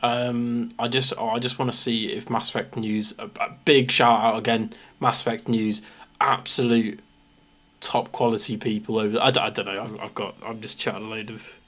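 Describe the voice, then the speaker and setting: A man's voice: mid-range voice, level tone, moderate pace, a bit bright. A young man from England with a Midlands accent, chatting through a live reaction stream, rambling and poking fun at himself. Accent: English Midlands. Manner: rambling, self-mocking, jumps between topics.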